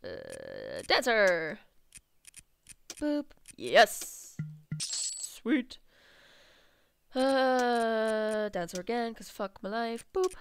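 Excitable, foul-mouthed woman gamer. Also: on the high side, drawn-out words, creaky, long pauses, clear, resonant tone, soft background music. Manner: excitable, swears freely, bursts into squeals and laughs. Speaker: let's play gamer. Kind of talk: let's play commentary, reading game text aloud.

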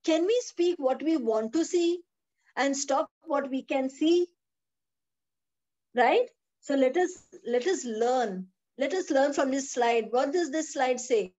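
A woman's voice: high voice, animated, slow pace, darkish tone. A woman teaching the Bible on a video call. She is emphatic, repeats her phrases and asks rhetorical questions. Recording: dull lo-fi video call audio.

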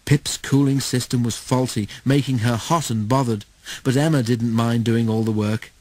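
A man narrating a children's storybook in a steady, measured way. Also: mid-range voice, dry recording, poor audio. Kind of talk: storybook read-aloud.

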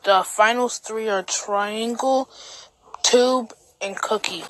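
A woman's voice: a little high, no echo, rough recording. Lady doing amateur cartoon voices, no script, lots of ums and uhs. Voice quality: halting, full of fillers. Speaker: voices in an amateur object-show clip. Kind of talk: unscripted amateur voice acting.

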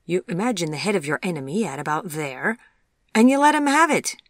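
A cheerful, easygoing young British man, put on by an audiobook narrator, jovial and teasing with bursts of eager energy. His voice is even and middle-pitched, recorded dry and close. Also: quick pace, no room sound, close to an everyday voice.

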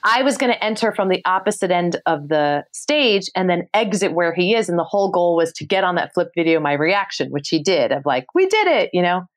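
A woman in her thirties from New York City, a podcast guest telling a story with expressive energy and casual swearing. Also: lowish voice, a little fast, hardly any pauses. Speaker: podcast guest, travel show host. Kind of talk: animated storytelling.

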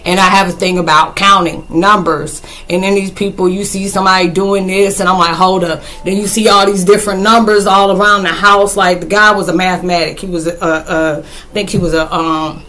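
Female vlogger, bright and forceful voice, rambling storyteller, slangy and excitable. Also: medium pitch, fairly quick. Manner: animated, rambling, with loud outbursts; slangy, folksy phrasing. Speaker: spiritual vlogger. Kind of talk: casual storytelling recap of a movie.

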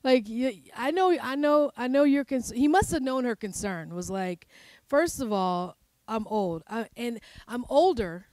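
A woman pastor giving a sermon in a conversational, playful way, often laughing and slipping into animated asides. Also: a little high, unhurried, dry recording.

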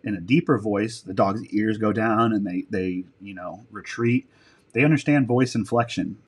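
A man's voice: on the low side, breathy edge. A man telling stories as a podcast guest, rambling, swearing casually and correcting himself mid-sentence. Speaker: podcast guest, military dog handler. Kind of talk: casual interview storytelling.

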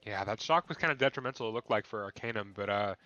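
A man casting a kart racing tournament live, with casual, excitable play-by-play. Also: lowish voice, quick pace, dry recording, muffled recording, faint music behind. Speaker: esports caster. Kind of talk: live race commentary.

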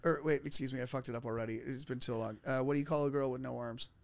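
A man's voice: mid-range voice, fairly even intonation, fast, creaky. A man on a comedy podcast as a guest, casual and self-deprecating while telling silly jokes. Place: podcast studio.

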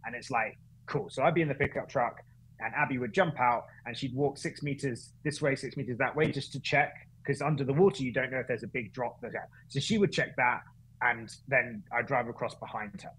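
A man, a guest on a podcast, telling a story in casual, animated chat with frequent restarts and self-corrections. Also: medium pitch, a little fast, slightly rough, low-quality recording. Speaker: guest, running events founder.

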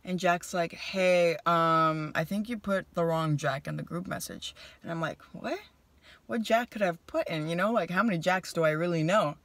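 Young woman, vlogger, animated storytelling, dry recording. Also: lowish voice, moderate pace, no room sound. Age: young adult. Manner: animated, chatty, voices her own quotes. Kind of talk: casual storytelling to camera. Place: car.

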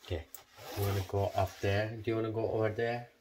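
A man's voice: fairly low pitch, level tone, fast, a little mellow, a little hiss or hum. A man at home coaxing his pet bird in repetitive baby talk, asking the same questions over and over. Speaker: pet owner.

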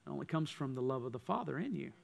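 A man preaching a sermon as pastor, swinging from loud passages to hushed ones. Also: mid-range voice, big pitch swings, rapid-fire, gravelly. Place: church.

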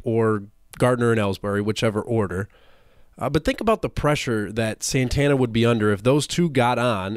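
A man's voice: mid-range voice, smooth, dry recording, clean studio sound. Nasal-sounding man hosting a sports podcast. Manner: brisk, stat-heavy analysis with frequent "uh" fillers. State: nasal from a recent illness. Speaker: podcast host. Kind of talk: solo sports preview podcast.

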